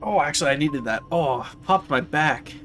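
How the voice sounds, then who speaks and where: High, lively-voiced excitable man streaming. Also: moderate pace, soft background music. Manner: chatty and excitable, swears often. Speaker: game streamer. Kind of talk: casual live-stream chat while gaming.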